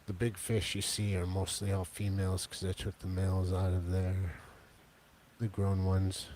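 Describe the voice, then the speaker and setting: A man co-hosting a casual home podcast, with a slow, dry, jokey way of talking. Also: low-pitched, completely flat delivery, darkish tone, slight background noise. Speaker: podcast co-host.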